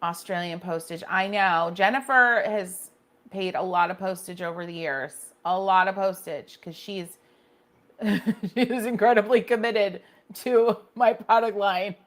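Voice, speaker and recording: A woman's voice: mid-range voice, measured pace. A woman hosting a casual painting livestream, chatting with viewers and reacting to their comments, often restarting her sentences.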